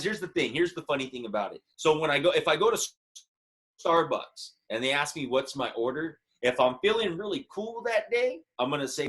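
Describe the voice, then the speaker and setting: A man's voice: a little high, animated, normal speed, a bit bright. A man in his thirties, a musician guest telling a story in a casual interview, chatty and earnest. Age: 30s.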